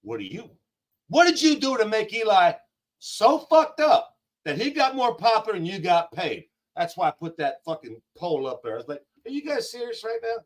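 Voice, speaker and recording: A man with a notably high voice rants as a call-in guest, blunt and full of swearing. His points come in rapid-fire jabs. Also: big pitch swings, low-quality recording. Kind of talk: heated profane rant.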